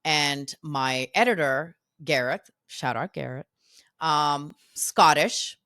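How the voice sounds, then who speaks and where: A woman's voice: deep voice, slow pace, no echo, clean studio sound. A woman in her thirties, a podcast guest, telling stories from her past and acting out quotes from herself and others. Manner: animated, quotes herself and others in lively voices. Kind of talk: casual storytelling interview.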